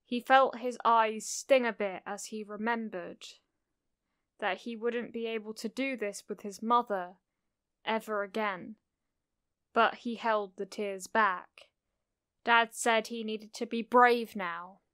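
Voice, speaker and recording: A woman narrating a cozy fan fiction audiobook in a gentle, unhurried storytelling manner. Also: fairly high pitch, fairly even intonation, smooth, no room sound, clean studio sound.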